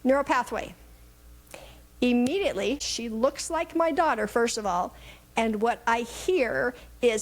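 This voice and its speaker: A woman's voice: a little high, measured pace. A middle-aged woman telling stories in a casual conversation as a guest mentor, acting out the voices in her anecdotes.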